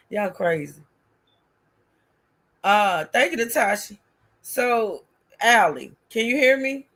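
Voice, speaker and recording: Animated, lively woman livestream co-host. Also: mid-range voice, extremely slow, pauses often. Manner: animated, chatty, reacting to viewers. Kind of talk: casual commentary chat.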